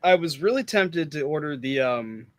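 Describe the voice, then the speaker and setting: A man's voice: fairly high pitch, lively intonation, moderate pace, dry recording. A young man in casual chat, blunt and swearing in his opinions. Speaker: co-host on a watch-along.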